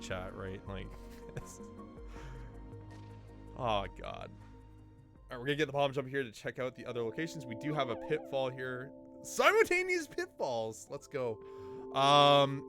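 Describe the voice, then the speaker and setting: Commentating a video game race for his chat in a casual way, this man is excitable, laughs often, and suddenly bursts out in loud disbelief. His voice sits at a medium pitch.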